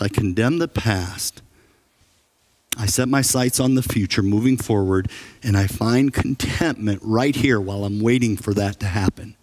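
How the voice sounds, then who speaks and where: A man preaching a sermon as pastor, telling stories with humor and lively emphasis. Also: mid-range voice. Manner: animated storytelling with humor. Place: church sanctuary.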